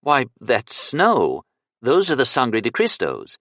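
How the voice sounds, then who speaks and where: A man's voice: mid-range voice, huge pitch swings, slow, no echo, clean studio sound, pitched above the performer's own voice, heavily acted. An audiobook reader voicing a gracious, poised young woman who plays hostess, polite and curious. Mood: polite curiosity. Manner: polite, curious, brightly sociable.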